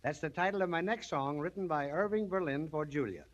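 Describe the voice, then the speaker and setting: A middle-aged man hosting a 1930s radio variety show, jaunty and jokey with quick asides. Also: fairly high pitch. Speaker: radio show host and singer. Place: radio studio. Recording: dull 1930s transcription disc with orchestra.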